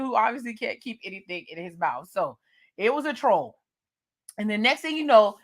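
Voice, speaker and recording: A woman's voice: fairly high pitch, fairly bright tone. A woman recapping a horror movie with jokes and slang, laughing often. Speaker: movie reviewer.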